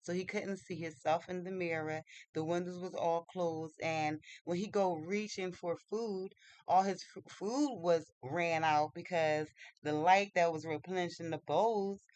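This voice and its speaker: A storyteller retelling a fairy tale casually, halting, with many fillers, restarts and loose informal grammar. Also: medium pitch, steady tone, darkish tone, dry recording, poor audio.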